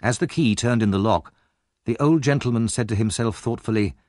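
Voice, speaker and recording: A man's voice: mid-range voice, brisk, darkish tone, no echo, clean studio sound. A man reading a classic novel aloud as an audiobook narrator, telling the story expressively and dramatically. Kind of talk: scripted narration.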